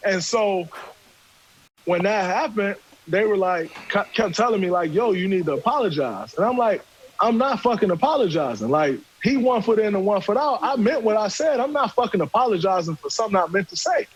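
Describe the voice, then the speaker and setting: A man, casually telling a profane, animated story and acting out what people said. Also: high-pitched, normal speed, muffled recording, slight background noise. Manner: animated, profane, acts out quotes. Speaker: podcast guest storyteller.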